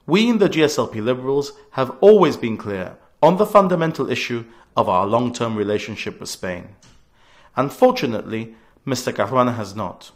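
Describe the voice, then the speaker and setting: Guy around 40 doing a political radio speech, earnest and punchy, really animated pitch. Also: moderate pace. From Gibraltar. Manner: earnest, emphatic, stresses key words. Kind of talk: scripted political radio address.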